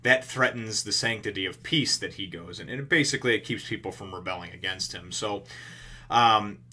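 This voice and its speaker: A man's voice: fairly low pitch, normal speed, bright, forceful tone. A man casually talking through a comic chapter for his channel, rambling with lots of fillers and restarts and swearing freely. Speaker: video reviewer. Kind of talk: casual chat.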